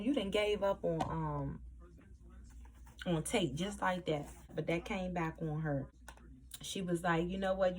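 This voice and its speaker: A woman recapping a TV episode in casual chat, acting out the characters' lines as she goes. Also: fairly low pitch. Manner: animated, acts out quoted lines in a raised voice. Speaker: TV episode reviewer.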